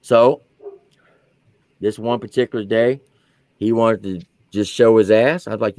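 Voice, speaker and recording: A man in his forties, an army veteran, telling a profane comic story with animated swings between low asides and loud punchlines. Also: unhurried, long pauses, dry recording.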